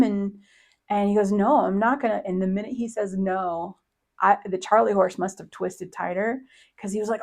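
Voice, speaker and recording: A woman's voice: medium pitch, fairly even intonation, normal speed, creaky, a little mellow. Chatty woman podcast host, laughing storyteller. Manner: chatty, laughs often, quotes others in voices. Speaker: podcast host, psychic medium. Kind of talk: casual storytelling monologue.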